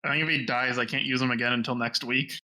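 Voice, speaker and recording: A man with a bright, forward voice at middle pitch, playing a tabletop game with friends. He talks casually and drops wry, joking remarks. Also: steady tone, fast. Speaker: player.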